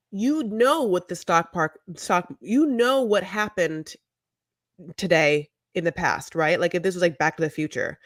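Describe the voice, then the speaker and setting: A woman's voice: a little high, a bit bright, dry recording. Ramble it out like a chatty woman in her forties, swearing freely, close and dead-dry on the mic. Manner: rambling, profane, digressive. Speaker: podcast co-host. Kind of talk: casual chat.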